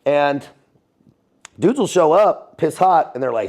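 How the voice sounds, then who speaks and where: An American man in a casual interview, telling military stories in an animated, profane way, laughing often and calling the listener dude. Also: a little high, measured pace. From United States. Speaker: guest, former Navy SEAL and Foreign Legionnaire.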